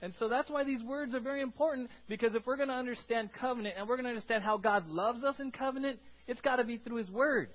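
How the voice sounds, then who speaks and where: A man with a high voice preaches a sermon with animated energy. He keeps it conversational and repeats words as he goes. The church recording is dull and lo-fi. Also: fast talker, hardly any pauses. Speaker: pastor.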